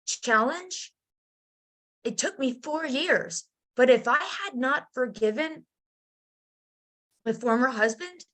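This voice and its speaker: A middle-aged woman telling a personal story in a casual, animated way, acting out the voices of people she describes. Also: on the high side. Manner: animated, acts out voices in her stories. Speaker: guest.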